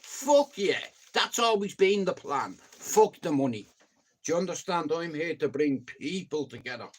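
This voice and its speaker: A man with a Dublin Irish accent ranting in a casual vlog, swearing freely and swinging between loud bursts and low mutters. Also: expressive, unhurried, breathy edge. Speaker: YouTuber.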